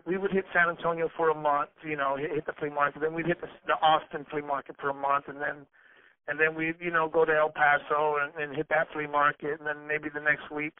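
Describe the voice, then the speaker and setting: A man with a fairly high voice tells stories in a loose, profane way, tripping over his words and restarting his sentences. The sound is dry and tinny, like a phone line. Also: little pitch movement, brisk, smooth, dry recording. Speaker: rapper being interviewed. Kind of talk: casual storytelling interview.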